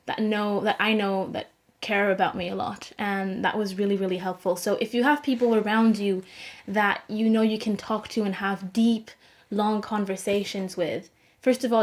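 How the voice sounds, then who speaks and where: A young woman talks straight to her camera in a relaxed, chatty vlog, giving advice from her own experience. She leans on fillers and often quotes her own self-talk as she goes. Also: mid-range voice. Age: young adult. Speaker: vlogger. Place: student flat.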